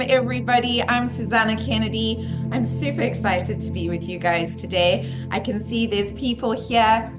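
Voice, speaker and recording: A fairly high-voiced woman talks to her live-stream audience. She is effusive and bubbly and greets viewers eagerly by name. Faint music plays under her voice. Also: steady tone, moderate pace, few pauses. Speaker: live-stream host and spiritual teacher. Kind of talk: live-stream spiritual talk.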